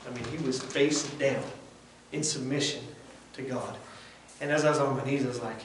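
A man's voice: medium pitch, fairly even intonation, moderate pace. A man giving a conversational devotional sermon as a lay preacher, earnest and plainspoken in a folksy way. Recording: very echoey room from far off, faint background noise.

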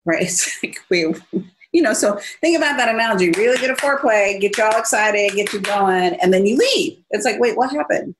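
A woman on a podcast giving energetic sales advice and acting out quotes as she tells stories. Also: mid-range voice, a little fast, rough recording. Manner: energetic, animated storytelling with acted-out quotes. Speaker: business speaker and author. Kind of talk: casual podcast interview.

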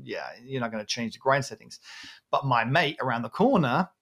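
Chatty podcast host guy, rambles a lot, laughs at himself, middle pitch. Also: expressive, a little fast, fairly bright tone, a little hiss or hum. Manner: rambling, self-deprecating, laughs often. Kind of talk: casual chat.

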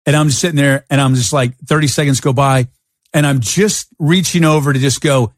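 Podcast host, male, animated storyteller, dry close mic. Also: medium pitch, fairly quick, no room sound. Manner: animated, acts out his own past thoughts. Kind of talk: storytelling in a casual interview. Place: Arizona.

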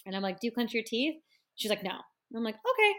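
Woman, thirties, massage therapist, podcast guest, animated storyteller. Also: a little high, fast. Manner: animated storyteller, acts out clients' voices. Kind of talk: casual podcast conversation.

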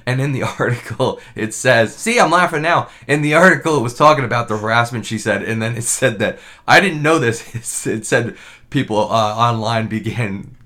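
A man's voice: medium pitch, normal speed, sharp tone. A man co-hosting a podcast, bantering loosely, rambling with restarts and frequent laughs. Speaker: podcast co-host. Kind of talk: casual banter.

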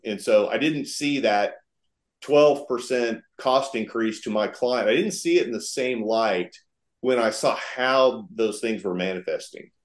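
Low-voiced man in an echoey room. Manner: earnest, deliberate, circling back over phrases. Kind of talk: conversational interview explanation. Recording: roomy, echoey sound.

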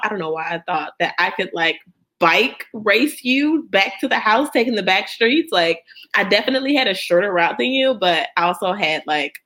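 A woman in her thirties hosting a podcast, telling a story in a casual chat with lots of laughter and bits of sung lyrics. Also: mid-range voice. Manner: animated storyteller, laughing and breaking into song. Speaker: podcast host.

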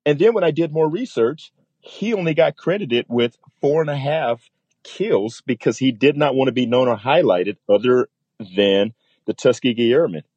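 A man's voice: medium pitch, moderate pace, darkish tone, breathy edge, no room sound, highs cut off. A man, a military pilot, telling a story in a casual interview and acting out the voices of the people in it.

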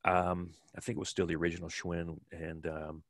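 Man in his fifties, low voice, rambling storyteller, dry close sound. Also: monotone, moderate pace, no room sound. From Kenosha, Wisconsin. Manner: rambling, many restarts and "like" fillers. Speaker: guest, former track cyclist. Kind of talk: relaxed storytelling interview.

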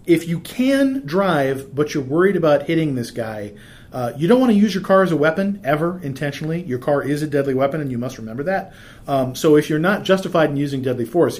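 A slightly high voice with a darkish tone belongs to a middle-aged man offering practical advice. It's conversational explanation sprinkled with anecdotes, and he keeps restarting sentences and using fillers.

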